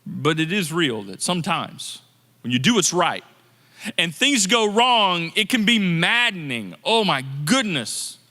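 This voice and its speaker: A man preaching a sermon as pastor, in a lively, conversational manner that acts out people's complaints. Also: high-pitched, a little slow, in a large hall. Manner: animated, conversational preaching with quoted inner voices. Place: church sanctuary.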